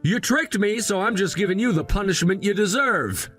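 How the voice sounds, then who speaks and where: A man's voice: high voice, expressive, normal speed, fairly bright tone, soft background music. A man voicing an arrogant, elitist young groom who talks down to everyone with contempt. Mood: scornful. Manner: contemptuous, condescending. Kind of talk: narrated drama voice acting.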